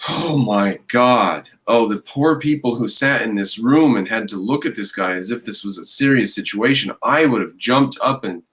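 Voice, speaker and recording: Exasperated low-voiced man ranting. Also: moderate pace, hardly any pauses, fairly bright tone, low-quality recording. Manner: exasperated, mocking rants. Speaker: commentator reacting to a video. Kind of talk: reaction commentary.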